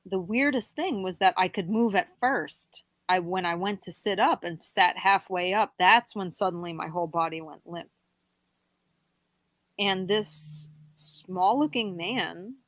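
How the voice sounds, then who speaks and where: A young woman, a podcast guest, telling a personal paranormal story in a halting way that turns animated when she quotes herself. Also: on the low side, no room sound.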